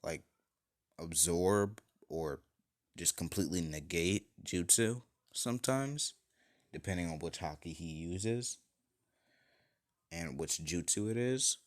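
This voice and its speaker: Young man, deep voice, loose crude fan-fic rambler. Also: expressive, slow, long pauses. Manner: crude, rambling, full of likes and kindas. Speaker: fan fiction storyteller. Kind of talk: casual rambling retelling.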